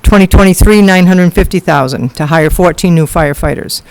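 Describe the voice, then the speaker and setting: A woman's voice: on the low side, brisk, darkish tone, dry recording, low-quality recording. A woman at a town meeting podium mic, giving public comment and pressing pointed questions with a list of figures. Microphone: podium microphone.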